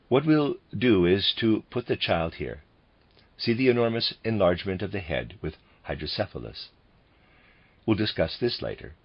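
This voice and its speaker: A man reading lectures aloud as an audiobook reader, in a measured way, speaking the bracketed notes too. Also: low-pitched, husky, muffled recording.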